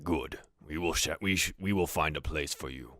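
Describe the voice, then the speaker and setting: A man voicing an old, calm and menacing male orc shaman who speaks slowly and deliberately. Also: very deep voice, no room sound, clean studio sound, pitched below the performer's own voice. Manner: slow, measured.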